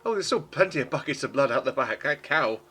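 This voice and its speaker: A man runs a tabletop game, with a bright, clear tone at a middling pitch. He rambles as he narrates, padding his lines with ums and restarting sentences. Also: expressive, fast talker. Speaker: game master.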